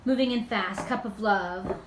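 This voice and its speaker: A woman's voice: mid-range voice, measured pace. A woman giving a casual, rambling tarot card reading in a loose, spiritual way. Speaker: tarot reader. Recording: echoey room with faint background noise.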